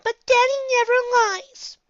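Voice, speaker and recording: A woman voicing an excitable little pony filly girl in a squealing, childish high voice. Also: measured pace, no room sound, highs cut off. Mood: pleading.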